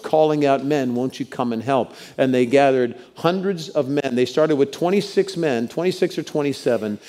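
Speaking in a mid-range, slightly mellow voice, a middle-aged man pastors his flock from the church sanctuary. His sermon mixes storytelling with call-outs he leads the congregation through.

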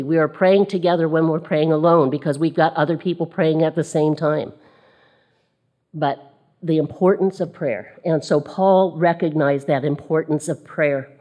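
A woman's voice: sits low, mellow. A woman preaching a sermon to women, reading scripture and repeating key phrases for emphasis. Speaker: women's ministry speaker.

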